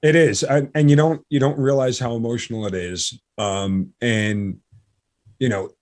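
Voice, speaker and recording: A middle-aged man hosting a podcast, speaking in a halting, heartfelt way. He trips over his words, restarts sentences and leans on plenty of fillers as he opens up. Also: mid-range voice, fairly even intonation, crowd noise. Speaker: podcast host. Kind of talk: casual interview chat.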